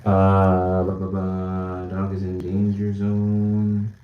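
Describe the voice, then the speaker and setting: A man's voice: sits low, monotone, slow pace, echoey room, recorded from a distance, phone-quality sound, heavy background noise. Joking young man streaming live. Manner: banters with chat, reads comments aloud, laughs often. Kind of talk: casual live stream chat. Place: indoors at home, small room.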